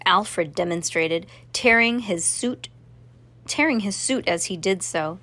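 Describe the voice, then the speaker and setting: A woman narrating a children's story aloud, steady, with small restarts. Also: mid-range voice, slow pace. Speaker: reader.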